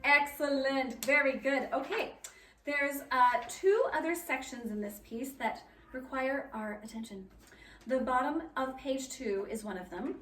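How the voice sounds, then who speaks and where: A woman's voice: high-pitched, fairly bright tone, a little hiss or hum. A woman directing a children's choir rehearsal, upbeat and encouraging as she counts the singers in. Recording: echoey room, mic at a distance, keyboard.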